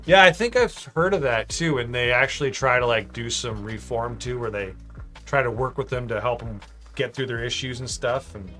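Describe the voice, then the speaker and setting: A man's voice: mid-range voice, normal speed, bright, forceful tone, faint music behind. A man hosting a casual livestream, chatting and reading viewer comments aloud with light, joking asides. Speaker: livestream host building Lego.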